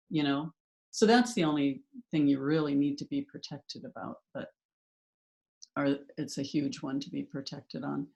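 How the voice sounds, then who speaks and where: A woman's voice: low voice, a little mellow. Chatty woman teaching hypnotherapy. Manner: chatty, fast with many fillers and restarts. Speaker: hypnotherapy instructor. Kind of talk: casual online class talk.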